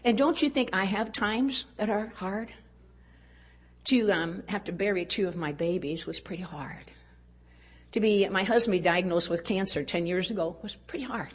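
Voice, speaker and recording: An older woman speaking at a women's conference, telling a personal story in an earnest way and dropping to a hush at tender moments. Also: mid-range voice, moderate pace, husky. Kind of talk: storytelling talk.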